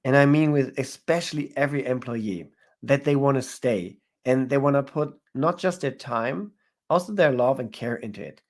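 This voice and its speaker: A man's voice: mid-range voice, normal speed. A man giving advice as a guest in an interview, often restarting his phrases as he searches for words. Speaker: guest entrepreneur. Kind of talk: casual interview answers.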